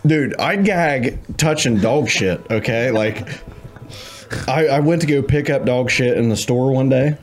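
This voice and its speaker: A man's voice: mid-range voice, unhurried, soft background music. Rambling, laughing storyteller man. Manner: rambling storyteller, laughing, swearing, many fillers. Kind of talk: casual crude chat.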